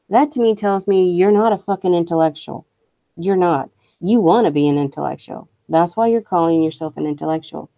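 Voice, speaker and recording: A woman's voice: medium pitch, mellow, no room sound. A young woman streamer ranting casually, blunt and profane, full of strong opinions. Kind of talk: casual rant while streaming.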